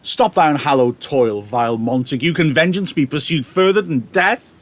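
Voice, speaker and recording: A man's voice: fairly high pitch, moderate pace, lightly acted. A man reading the part of a proud young nobleman, angry and accusing, in theatrical verse. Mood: indignant.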